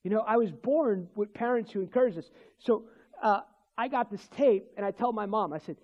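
A man with a notably high voice tells a personal faith story in a loose, meandering way, circling back and restarting his sentences. He laughs softly between thoughts, speaking as a minister in conversation. The sound is dull and lo-fi. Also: normal speed. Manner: rambling storytelling with restarts and chuckles.

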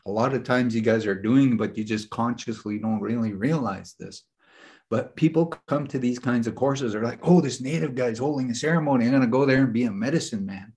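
A man's voice: mid-range voice, a little fast, darkish tone. A man leading a group session as a spiritual teacher, talking casually and earnestly, telling personal stories with frequent restarts. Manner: rambling, earnest, frequent "you know" and restarts.

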